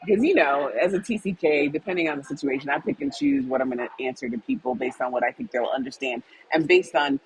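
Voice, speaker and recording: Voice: mid-range voice, lively intonation, fast, hardly any pauses, a little hiss or hum, poor audio. Chatty co-host telling a laughing story. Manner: chatty, laughs often, acts out dialogue. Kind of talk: casual storytelling conversation.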